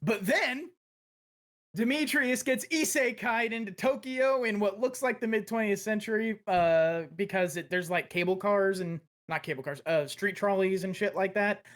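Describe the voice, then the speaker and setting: High-voiced man gushing profanely. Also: moderate pace, fairly bright tone. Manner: enthusiastic, profane, rambling. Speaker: podcast co-host. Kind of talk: casual chat.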